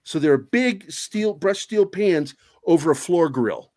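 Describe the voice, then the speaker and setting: A man's voice: fairly high pitch, animated, a little slow, darkish tone, dry recording. A man guesting on a podcast, telling stories in a casual, profane, self-mocking way. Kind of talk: casual storytelling chat.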